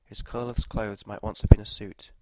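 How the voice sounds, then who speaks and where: Male narrator, dark and mellow tone, flat and measured, for a scripted story read. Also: on the low side, dry recording, low-quality recording.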